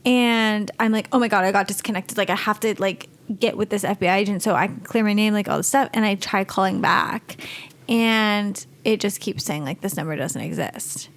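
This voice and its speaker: A woman's voice: mid-range voice, normal speed. A young woman in her twenties, co-hosting a podcast and telling a story in casual chat, full of fillers. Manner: animated storytelling with many fillers. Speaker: podcast co-host.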